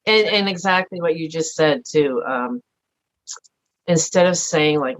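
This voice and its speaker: A middle-aged woman speaking earnestly and softly as a podcast guest, thinking aloud in a reflective personal conversation. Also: low voice, a little slow. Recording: dull lo-fi audio.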